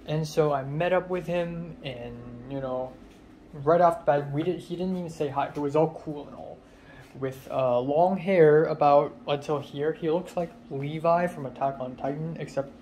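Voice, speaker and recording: A man's voice: a little high, normal speed, darkish tone, a little hiss or hum, poor audio. A young man from Hong Kong vlogging casually at home in his kitchen, rambling and self-deprecating with lots of fillers. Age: young adult. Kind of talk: casual vlog talk.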